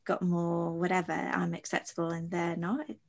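Woman host, low gravelly voice, reflective rambling interviewer. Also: monotone, moderate pace, darkish tone. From London. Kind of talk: conversational interview.

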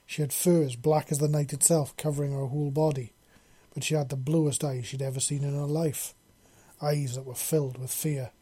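A man narrating a story in a steady reading voice. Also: on the high side, normal speed, slightly rough.

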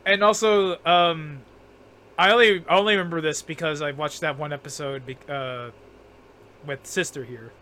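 Chatty, bright-voiced man. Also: on the high side, steady tone, normal speed, a little hiss or hum. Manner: rambling, laughs often, many fillers and restarts. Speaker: podcast co-host. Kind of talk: casual podcast chat.

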